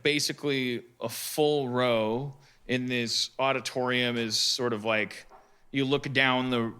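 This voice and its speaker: Guy with a super sharp bright voice rambling thru a funny story on a podcast, lots of stop-start. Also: mid-range voice, smooth. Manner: rambling, halting, full of restarts and asides. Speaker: podcast guest telling a story. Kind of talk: casual comic storytelling on a live podcast.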